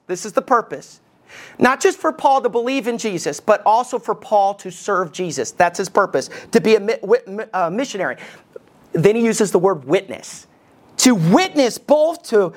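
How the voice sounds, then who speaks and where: Animated preaching man, rhetorical questions. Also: sits high. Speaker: lead pastor. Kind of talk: sermon.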